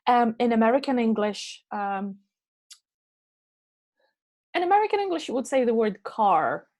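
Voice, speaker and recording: Fairly high-pitched with big pitch swings, her voice is a little mellow and moves at normal speed. A female English teacher, she's answering chat questions after an online class over a meeting mic. Her manner is patient, and she checks that points land by asking "yeah?" and "okay?".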